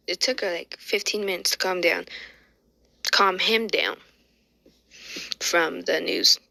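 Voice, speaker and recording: A woman's voice: lowish voice, bright, forceful tone, dry recording, rough recording. A woman casually retelling a fan story, rambling with many fillers and correcting herself as she goes.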